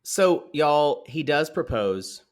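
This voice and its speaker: A man's voice: fairly high pitch, big pitch swings, takes it slowly. A man co-hosting a podcast, casually retelling a reality show scene by scene and acting out the quotes. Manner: chatty storyteller, acts out quotes, many fillers. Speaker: podcast co-host.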